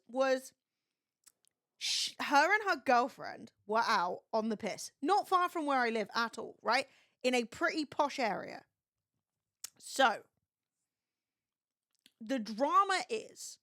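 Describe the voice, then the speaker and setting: A woman's voice: on the high side, a bit bright, no room sound, clean studio sound. A young woman streaming, retelling gossip in a sweary, chatty way. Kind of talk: casual livestream chat.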